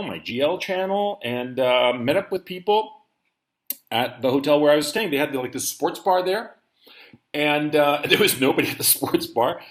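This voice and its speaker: This channel host is a man with a slightly bright voice that sits on the high side. He rambles through a casual, conversational story from indoors, and the recording carries a roomy echo.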